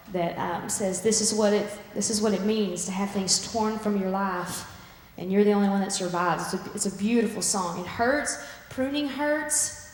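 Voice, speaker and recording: Animated woman preaching in an echoey hall. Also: mid-range voice. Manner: animated storytelling, acting out the voices in the story. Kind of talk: sermon. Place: church sanctuary.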